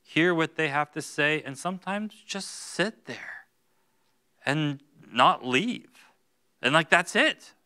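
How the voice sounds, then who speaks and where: A male pastor preaching a sermon in a church, going from hushed, slow lines to loud, high-pitched bursts. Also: lively intonation. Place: church sanctuary.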